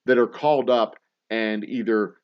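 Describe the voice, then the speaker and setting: A man's voice: lowish voice, fairly even intonation, normal speed, highs cut off. A man who owns a distillery and hosts a whiskey show, chatting casually with viewers in a rambling, blunt way, swearing freely and chuckling often. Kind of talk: casual livestream chat answering viewer comments.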